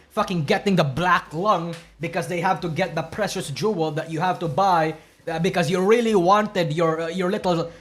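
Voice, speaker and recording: A man's voice: high-pitched, a bit bright. A man streaming, giving blunt, profane opinions in a rambling way with many restarts. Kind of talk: casual reaction stream commentary.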